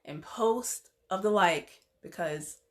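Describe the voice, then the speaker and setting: A woman's voice: medium pitch, slow pace. A woman psychotherapist talking straight to her viewers in a heartfelt vlog, encouraging and chatty. She laughs often and uses informal asides like 'y'all'. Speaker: psychotherapist and counselor. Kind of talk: direct-to-camera heartfelt vlog address.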